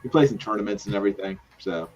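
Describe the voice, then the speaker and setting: A man chatting casually in a laid-back, hesitant way, with many pauses and ums. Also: fairly low pitch, faint music behind. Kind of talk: casual chat. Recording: dull lo-fi sound.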